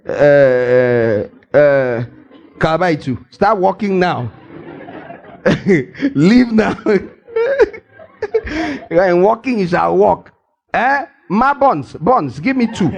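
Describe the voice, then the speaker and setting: An older man preaching a lively sermon, teasing his listeners and acting out little scenes as he goes. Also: on the high side. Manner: playful and teasing, acts out scenes, laughs often. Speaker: pastor. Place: church hall.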